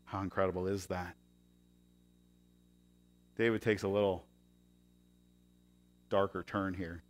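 A man preaching a sermon, moving between loud emphatic passages and quiet confiding asides. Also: low voice, little pitch movement, slow pace, long pauses. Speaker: pastor.

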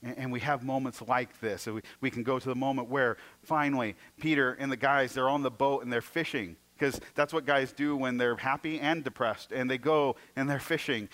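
A man preaching a sermon, retelling stories with acted-out voices and moving between emphatic passages and hushed ones. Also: medium pitch. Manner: storytelling, acting out scenes in varied voices; swings from loud and emphatic to hushed. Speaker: pastor.

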